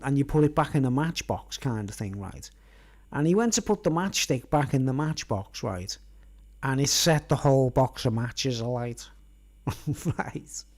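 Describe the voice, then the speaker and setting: A man's voice: fairly high pitch, a little mellow. A man tells a long personal story on a live stream. He rambles casually and keeps checking in with his listeners. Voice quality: conversational, constantly checks in with "right?".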